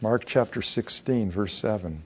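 A man's voice: on the low side, measured pace, slight background noise. A man preaching a sermon, reading scripture aloud, acting out the voices of the figures and asking the listeners questions. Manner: asks the congregation questions. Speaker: pastor.

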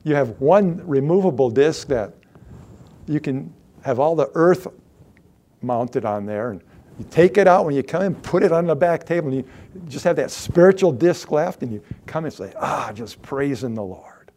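Lively preaching man, swinging loud to hushed. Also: on the high side, normal speed. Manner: lively, rises loud then drops to near-whispers. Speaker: pastor. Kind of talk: sermon.

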